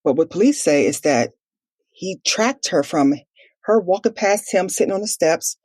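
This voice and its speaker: A woman with a husky, slightly breathy voice tells a personal story in a podcast interview. She speaks earnestly and fast, acting out remembered dialogue and leaning on "like" as she goes. The sound is dry and close. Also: on the low side, lively intonation, darkish tone, dry recording. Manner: earnest, quick retelling with quoted dialogue and many "like" fillers. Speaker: guest telling her family story.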